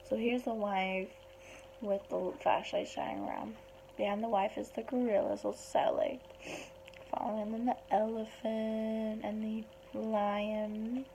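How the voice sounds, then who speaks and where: A woman retelling a picture book story aloud in a chatty, animated way. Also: medium pitch, measured pace, gravelly, a little hiss or hum, low-quality recording. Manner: chatty, animated, puts on small voices for the animals.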